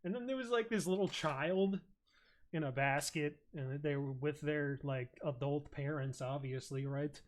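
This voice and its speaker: A man's voice: on the high side, measured pace. A man streaming, telling a rambling, crude and absurd comic story full of swearing. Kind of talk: casual comedic rant.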